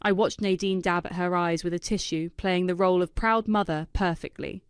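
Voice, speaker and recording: A woman reading a first-person drama story in a dry, knowing, quietly vindictive manner. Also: fairly low pitch, fairly even intonation, normal speed, clear, resonant tone, no room sound. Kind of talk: scripted first-person narration.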